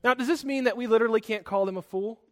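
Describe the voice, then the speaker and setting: A man preaching a sermon, animated and quick to act out angry outbursts, with self-correcting asides. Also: extremely high pitch.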